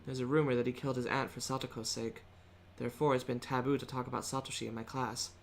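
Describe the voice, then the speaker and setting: A woman streamer reading a visual novel's narration aloud in a subdued, measured way. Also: extremely low pitch, level tone, a little hiss or hum.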